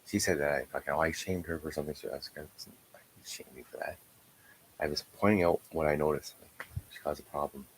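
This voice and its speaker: A man's voice: very deep voice, fairly even intonation, quick pace, slight background noise, low-quality recording. A man in an angry, profane livestream rant, aggrieved and often dropping into whispered asides. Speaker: streamer.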